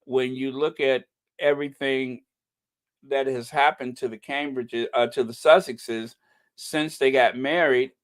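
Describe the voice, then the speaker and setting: A man's voice: medium pitch, fairly even intonation, measured pace, no room sound, clean studio sound. A man hosting a casual commentary channel, reacting to news and posts in a gossipy, incredulous way and chuckling often.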